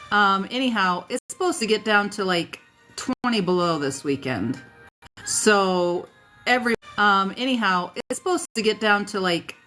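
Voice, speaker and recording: On a relaxed livestream, a South Dakota woman greets her viewers by name and talks with plenty of fillers and tangents, her medium-pitched voice a touch bright. She's somewhat tired as the day winds down, and low music can be heard behind her.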